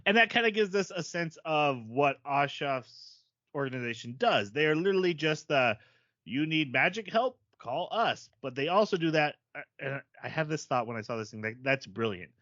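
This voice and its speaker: A man co-hosting a podcast, chatting casually about an anime, animated and self-deprecating, laughing at himself often. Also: a little high, a little fast, dry recording, muffled recording. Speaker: podcast co-host. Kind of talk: casual chat.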